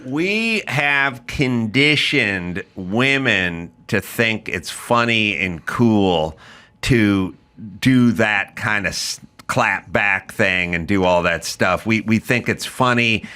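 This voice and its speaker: A man's voice: lowish voice, lively intonation, slow pace, bright, forceful tone, clean tone. A man hosting a podcast in casual chat, riffing sarcastically and slipping into mock accents. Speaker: podcast host.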